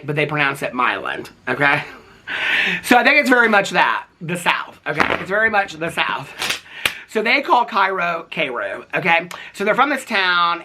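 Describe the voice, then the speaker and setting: A man's voice: fairly high pitch, pushed and bright. A man giving casual, gossipy commentary on reality TV, chatty and sassy, who keeps checking in with "okay?".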